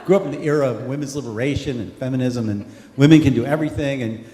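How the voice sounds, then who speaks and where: A man's voice: mid-range voice, quick pace, warm tone. A man speaking on stage at a live conversation, wry and self-deprecating, rambling with frequent laughs. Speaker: author on a panel. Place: large hall at a live event. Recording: echoey hall with faint noise.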